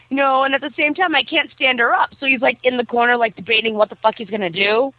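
A woman's voice: high voice, fast, few pauses, no room sound. Chatty woman on a tinny phone line. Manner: rambling, animated, lots of fillers. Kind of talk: casual chat retelling an anime plot. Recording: tinny phone-like dry sound.

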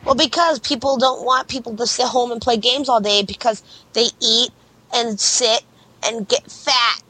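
A woman's voice: a little high, unhurried, bright, forceful tone, low-quality recording. A woman co-hosting a casual chat, playful and teasing, peppering her talk with "like". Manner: playful, teasing, full of "like" and whoops.

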